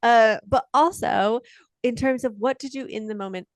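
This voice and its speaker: Animated woman, dry close sound. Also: a little high, normal speed, no room sound. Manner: animated, acts out quoted lines. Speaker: parenting expert guest. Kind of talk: conversational interview. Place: podcast interview.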